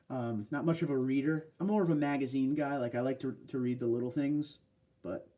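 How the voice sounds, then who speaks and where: A man's voice: mid-range voice, dark tone, distant mic. A man hosting a casual livestream, chatting loosely and answering viewer comments. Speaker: livestream host. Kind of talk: casual live stream chat.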